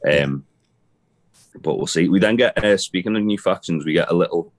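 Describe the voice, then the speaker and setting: A young man with a very low, deep voice talks casually as a co-host. He wanders through his points with lots of fillers, false starts and the odd swear word. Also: moderate pace. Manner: rambling, many restarts and fillers, swears casually. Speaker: podcast co-host. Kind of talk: casual chat about wrestling.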